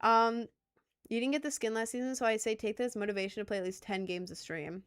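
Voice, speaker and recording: A woman's voice: fairly high pitch, steady tone, a little fast, smooth. A woman streamer with an American accent tinged with a little Southern and New York, chatting casually and rambling with lots of fillers. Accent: General American with slight Southern and New York touches. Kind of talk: casual livestream chat.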